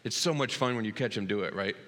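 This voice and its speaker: A man in his thirties preaching a sermon as pastor, earnest, dropping to a hush and then rising loud and excited. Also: on the low side, quick pace. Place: church sanctuary. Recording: long hall reverb.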